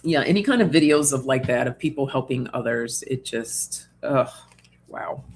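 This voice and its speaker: A woman's voice: rumbling low, animated, normal speed, a little hiss or hum. A woman hosting an oracle card reading livestream in casual chat, reading out viewer comments, reassuring and laughing often. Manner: chatty and reassuring, laughs often, many fillers.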